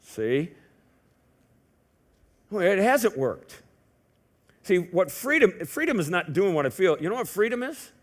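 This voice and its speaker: A man delivers a sermon from a church pulpit with a lively, swooping delivery that climbs and drops widely. He talks to the congregation like a friend, firing rhetorical questions and slipping in wry jokes. His voice sits high for a man. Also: unhurried, pauses often. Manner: conversational preaching with rhetorical questions and joking asides. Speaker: pastor. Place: church sanctuary.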